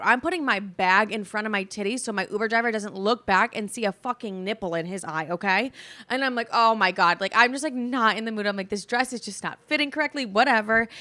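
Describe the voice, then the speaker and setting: A woman's voice: on the high side, sharp tone. A young woman in her twenties hosting a podcast, telling a story as a dramatic, profane rant full of "like" and acted-out quotes of herself. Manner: dramatic, profane, quoting herself constantly with many "like"s. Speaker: podcast host.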